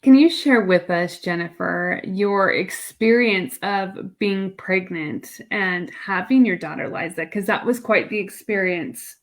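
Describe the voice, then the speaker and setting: Slow-spoken woman interview host. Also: medium pitch. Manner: slow, measured questions and soft listening sounds. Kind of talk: interview hosting.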